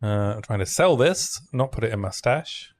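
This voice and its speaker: A man with a fairly low voice chats casually through a game stream, thinking aloud and reading out item numbers as he plays. The talk is loose and conversational, with easy asides to his chat. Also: lively intonation, normal speed. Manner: thinks aloud, chatty, reads out item stats. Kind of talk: casual gaming stream commentary.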